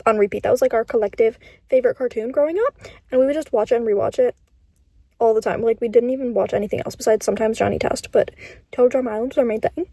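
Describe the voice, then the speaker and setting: A young woman vlogging about books she is reading, chatty and animated, often slipping into a whisper. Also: a little high, quick pace. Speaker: book vlogger. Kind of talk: casual reading vlog. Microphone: camera facing the speaker.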